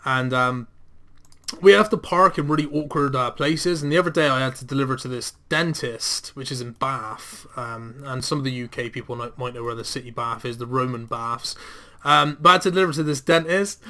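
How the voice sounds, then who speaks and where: A young man talking casually over gameplay, telling a story with plenty of swearing and animated, rising delivery. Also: mid-range voice, brisk. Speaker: gaming commentator.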